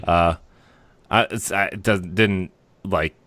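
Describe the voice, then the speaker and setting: A man's voice: low voice, steady tone, slow, a bit bright, no room sound. A man co-hosting a gaming podcast, talking casually with hesitant, rambling starts and fillers. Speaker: podcast co-host.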